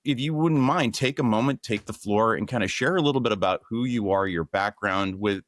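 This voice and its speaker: A man's voice: fairly low pitch, a little fast, no echo. A middle-aged man hosting a podcast, upbeat and friendly, moving from a scripted welcome into easy conversation. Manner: upbeat, scripted intro then friendly chat. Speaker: podcast host.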